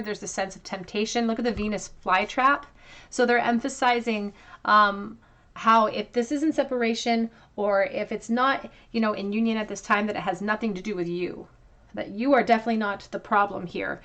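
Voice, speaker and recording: A woman's voice: medium pitch, fairly bright tone. A woman giving a pick-a-card tarot reading to her viewers, earnest and reflective, drawing out key phrases for emphasis. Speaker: tarot reader.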